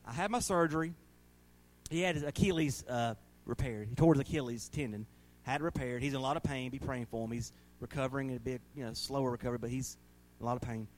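A man, preaching a sermon as pastor, telling folksy stories and laughing often. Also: medium pitch. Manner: folksy storytelling, laughing often, rising to loud bursts.

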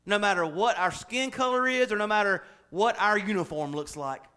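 A man preaching a folksy, lively sermon as pastor, laughing and acting out everyday examples. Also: high voice, normal speed, clear, resonant tone.

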